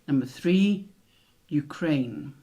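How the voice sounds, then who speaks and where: A man with a British accent hosting a quiz, reading each question slowly and repeating it, with chatty asides in between. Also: a little high, animated, warm tone, breathy edge. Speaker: quiz host.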